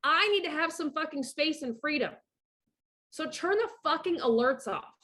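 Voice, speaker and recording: Blunt, profane woman with a bright high voice. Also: lively intonation, normal speed. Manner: bossy, gives direct orders. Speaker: divorce coach. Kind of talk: casual profane monologue to camera.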